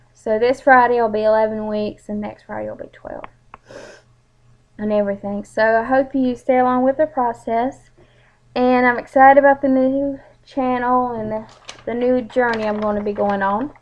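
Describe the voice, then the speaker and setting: Gal vlogging, slow and chatty, kinda high voice, muffled lo-fi sound. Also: female voice. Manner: chatty, rambling, apologetic. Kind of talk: casual channel introduction. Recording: dull lo-fi home recording.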